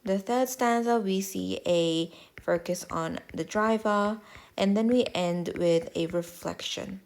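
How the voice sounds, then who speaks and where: A woman tutor giving a measured, clear, step-by-step explanatory voice-over lesson. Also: mid-range voice, darkish tone.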